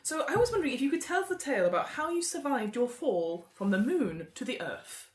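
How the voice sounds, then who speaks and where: Brief: woman as a pompous party-host earl, lively, giggly, fussy. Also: sits high, a little fast, roomy sound, a little hiss or hum, voice pushed up. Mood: jolly. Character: pompous male earl hosting a club party. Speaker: game master.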